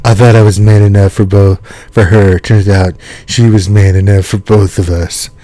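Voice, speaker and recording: A man voicing a dramatic man telling his sad story in a loud, mock-solemn delivery. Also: lowish voice, little pitch movement, normal speed, lightly acted.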